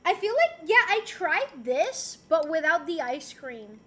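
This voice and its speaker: A woman's voice: very high-pitched, sing-song, a little slow, a bit bright. A young woman from Rico, chatting casually and playfully on a livestream as she reads and answers chat messages. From Puerto Rico. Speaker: streamer.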